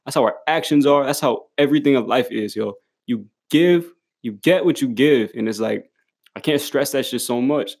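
A man's voice: mid-range voice, moderate pace, darkish tone. A young man giving a casual motivational monologue to the camera, blunt and full of swearing and slang, often laughing as he talks. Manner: profane, blunt street slang, emphatic; laughs often while talking.

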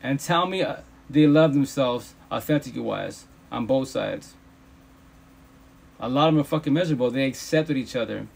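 Guy ranting on a phone livestream, cursing, repeating himself, normal pitch. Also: normal speed, gravelly. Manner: emphatic, profane, repeats himself. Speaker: livestream host. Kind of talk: casual preachy rant.

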